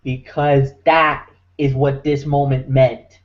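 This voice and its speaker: A man's voice: mid-range voice, level tone, slow. A man hosting a wrestling recap show, talking with emphatic, preacher-like force. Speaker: podcast host. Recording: muffled lo-fi audio.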